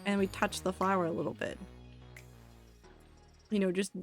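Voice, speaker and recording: A woman's voice: medium pitch, steady tone, normal speed, gravelly, soft background music. A young woman streamer giving casual, musing commentary while she plays. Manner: musing, chatty.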